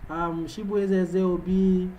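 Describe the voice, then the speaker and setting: A man's voice: sits high, little pitch movement, slow pace, dark tone, slight background noise, rough recording. A Nigerian man whose first language is Yoruba, hosting a trading livestream and hyping up viewers with repeated calls while putting on a foreign-sounding English accent. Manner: hyped, repetitive calls to viewers. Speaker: livestream host, trading analyst. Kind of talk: live-stream chat with viewers.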